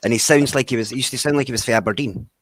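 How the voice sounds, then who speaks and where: A Scottish man chatting casually online with friends, animated and quick to laugh. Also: medium pitch, breathy edge, no room sound. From Scotland. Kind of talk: casual online group chat. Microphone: headset or desk mic, close.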